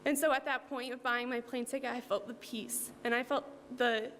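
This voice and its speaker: A woman's voice: a little high, fairly even intonation, moderate pace, fairly bright tone. A young woman from New Jersey giving an earnest, heartfelt church testimony, with frequent ums and likes. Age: young adult. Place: church hall. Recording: hall reverb with faint hum.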